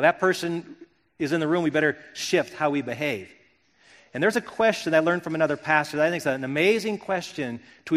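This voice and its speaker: A middle-aged pastor from Wisconsin delivers a sermon in an earnest, reflective way, often circling back to restart a phrase. His voice sits a little high for a man. A long reverb hangs around him, as if he is in a large hall. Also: fairly bright tone.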